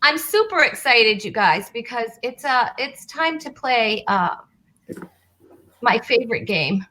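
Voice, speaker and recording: A woman hosts a comedy talk show in a fairly high, bright voice. She talks slowly and haltingly, full of "uh" and restarts, with a playful touch. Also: animated, slight background noise, rough recording.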